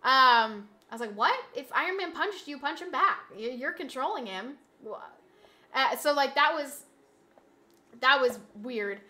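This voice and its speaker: A woman's voice: high voice, animated, unhurried, sharp tone. A woman live streamer chatting casually with viewers, telling a story in a rambling way, full of restarts and repeated words. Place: indoors at home streaming setup.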